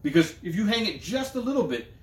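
A man with a slightly high voice spins a long, profane story for his co-host, pausing and circling back as he talks. The room around him rings with echo. His delivery is loose, animated and casual. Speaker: podcast co-host. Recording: echoey room.

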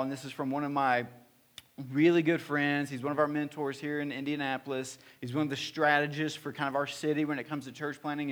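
Preaching in a church hall, a man in his thirties uses a fairly high, fairly bright voice. The pastor tells earnest, personal stories, often restarting and adding fillers.

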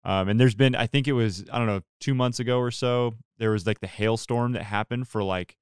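A man's voice: medium pitch, fairly quick, clean tone, no echo, clean studio sound. A man hosting a casual church podcast chat, earnest and rambling with many restarts. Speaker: podcast host.

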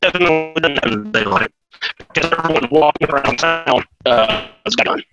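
Man calling in, halting and filler-heavy, robotic glitchy connection, guitar music loud behind. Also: fairly high pitch, expressive, dull audio. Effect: robotic glitchy voice call. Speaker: guest caller. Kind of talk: casual chat. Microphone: video call. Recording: choppy online call with guitar music.

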